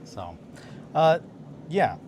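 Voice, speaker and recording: A man's voice: fairly high pitch, big pitch swings, very slow, noisy background. A tired man hosting a casual hobby livestream from his home workshop, telling a story in a rambling way with restarts and fillers. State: tired, just woken up.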